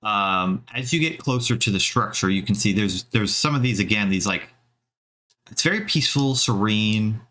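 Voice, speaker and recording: A man's voice: fairly low pitch, lively intonation, moderate pace, pushed and bright. A man narrating as game master of a tabletop game, loose and meandering with many fillers.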